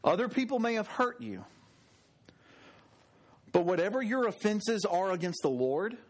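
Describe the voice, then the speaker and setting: A man delivers a sermon from the pulpit. His voice sits fairly high, and he talks in a chatty storytelling way. He lets his pitch drop low at the close of his phrases. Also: sing-song, a little slow. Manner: conversational storytelling preaching, drops pitch at ends. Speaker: pastor.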